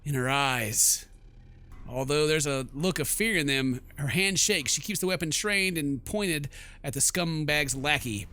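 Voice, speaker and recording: A man's voice: a little high, unhurried. A man doing let's play commentary. He reads the game's text aloud and talks back to it with jokes. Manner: animated, jokey, talks back to the game. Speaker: game commentator.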